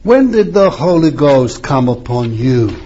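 Older preacher, lively pitch, husky. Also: male voice, unhurried. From East End of London. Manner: emphatic, rhetorical questions, wide swings in pitch. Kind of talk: sermon. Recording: muffled lo-fi sermon recording.

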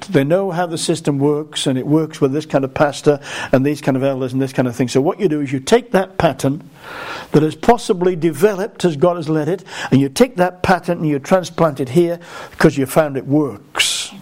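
A man preaching a sermon in an earnest way, often repeating words and slowing down to stress key phrases. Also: fairly high pitch, a little mellow.

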